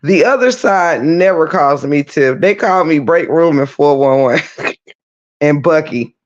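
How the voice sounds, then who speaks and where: A woman hosting a casual livestream, teasing her viewers, breaking into laughter and loud exclamations. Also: low-pitched, lively intonation, measured pace, muffled recording. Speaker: livestream host.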